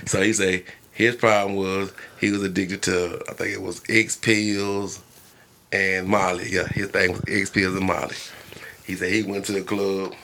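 A man hosting a podcast, telling stories in a profane, animated way and often breaking into laughter. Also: deep voice, moderate pace, slight background noise. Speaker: podcast host. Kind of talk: casual storytelling chat.

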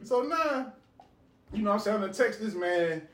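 A man's voice: high-pitched, moderate pace. A man telling a long story in casual podcast chat, laughing and acting out the dialogue. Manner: animated, laughing, acts out dialogue. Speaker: podcast co-host. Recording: roomy, distant mic, faint ambience.

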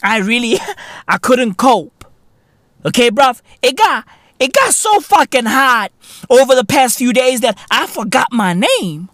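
A man's voice: very high-pitched, sing-song, measured pace, fairly bright tone, dry recording. Guy from south africa ranting on his podcast, swears a lot, says bruv constantly, voice swings all over, dry close sound. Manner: profane, slangy, calls listener "bruv". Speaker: podcast host. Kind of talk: comedic rant.

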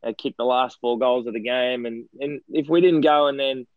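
A man's voice: medium pitch, fairly even intonation, brisk, dry recording, narrow, tinny audio. An Australian man, a former footballer and now coaching director, chatting as an interview guest and telling long stories with many fillers and restarts. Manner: rambling, self-deprecating storyteller with many restarts and fillers. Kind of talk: casual interview chat.

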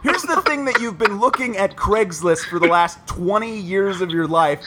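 A man in his thirties co-hosting a casual podcast, complaining in an animated, exaggerated way with frequent laughs. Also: sits high, normal speed, heavy background noise. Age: 30s. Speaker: podcast co-host.

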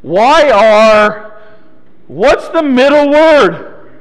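A man preaches to a small church, his voice sitting very high for a man. He teases listeners by name between points. The sound rings on with long hall reverb. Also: very animated, very slow. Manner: playful, teasing congregation by name. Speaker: pastor. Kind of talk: sermon.

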